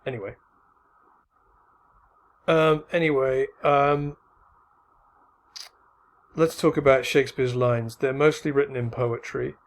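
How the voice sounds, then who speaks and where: Middle-aged male lecturer, mid-pitched, relaxed and chatty, lots of fillers. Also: slow pace, long pauses. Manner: casual, many fillers and restarts. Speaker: teacher. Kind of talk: recorded lecture with slides.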